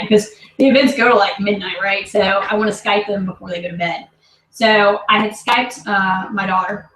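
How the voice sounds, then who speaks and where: A woman's voice: mid-range voice, fairly bright tone. A woman in her thirties telling a personal story to camera, emphatic and emotional, often checking in with her listeners. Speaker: vlogger and business team leader. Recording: roomy echo, distant mic, faint hiss.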